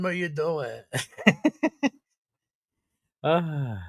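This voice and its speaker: A man's voice: medium pitch, lively intonation, measured pace, no echo, clean studio sound. A man hosting a casual live stream chat, bantering and laughing, with many restarts. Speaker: host.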